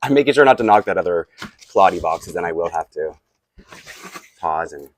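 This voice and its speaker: A man's voice: low-pitched, lively intonation, brisk, slight background noise. A tired, groggy man, chatting casually and rambling with asides while unboxing toys for his vlog. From Canada. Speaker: toy collector vlogger.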